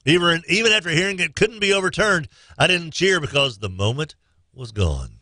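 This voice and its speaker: On his laid-back sports radio program, an excitable host works through texts from listeners, breaking into high-pitched, shouted impressions along the way. His pace is moderate, with no echo in the sound.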